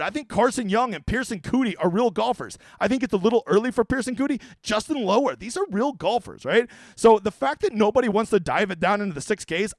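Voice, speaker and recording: A brash, joking man hosting a casual streamed picks show, tossing in profanity as he rattles through names at a breakneck pace. His voice sits high for a man. The sound is close and dry, with no echo around it. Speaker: fantasy golf analyst host.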